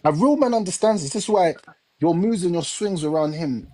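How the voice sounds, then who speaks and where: A man's voice: high voice, expressive, a little fast, a little mellow. A man with a Jamaican accent hosting a live chat, talking in an emphatic, repetitive, lecturing way. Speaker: live stream host. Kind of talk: casual chat.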